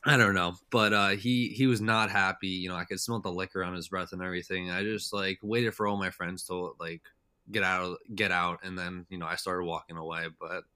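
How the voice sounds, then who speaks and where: Deep-voiced rambling young man. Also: level tone, brisk, sharp tone, smooth, no echo. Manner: rambling, heavy with "like" and "uh" fillers. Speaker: podcast guest. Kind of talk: casual storytelling chat.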